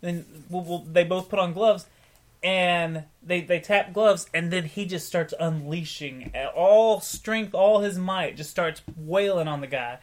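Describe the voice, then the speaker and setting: A man co-hosting a casual podcast chat, telling a story with lively acted-out quotes. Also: sits high, measured pace. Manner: animated storytelling, acts out quotes. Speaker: podcast co-host.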